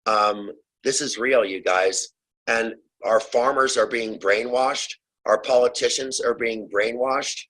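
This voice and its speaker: A man with a husky, slightly breathy voice speaks with urgent, fiery passion as a guest author. He calls out directly to his listeners and pushes them to act. The sound comes over a remote call. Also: mid-range voice, slow pace, fairly bright tone, low-quality recording. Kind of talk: impassioned advocacy talk.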